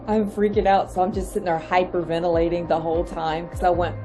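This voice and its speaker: A woman recounts a ghost-hunting experience in casual conversation. Her telling is lively, with sudden leaps up in pitch as she acts out her reactions. Soft music plays faintly underneath. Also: fast talker, few pauses. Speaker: podcast guest, ghost hunter. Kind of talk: animated storytelling in a casual chat.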